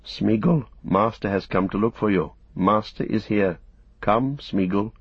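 A man voicing an earnest young male hobbit who coaxes and pleads with quiet urgency, for an audiobook. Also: fairly low pitch, a little slow, husky, no room sound. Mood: urgent. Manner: pleading, coaxing. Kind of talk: audiobook character voice. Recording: dull, muffled recording.

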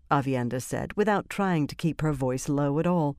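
Woman reading a fantasy audiobook, low voice, steady measured delivery, dry close mic. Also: clear, resonant tone, no echo. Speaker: audiobook narrator. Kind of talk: scripted fantasy narration.

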